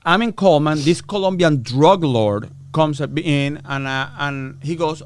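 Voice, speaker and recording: A man's voice: a little high, expressive, moderate pace, hardly any pauses. A middle-aged man, a podcast guest, telling a story in a casual, profane way, acting out the voices of people he quotes. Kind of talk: storytelling interview.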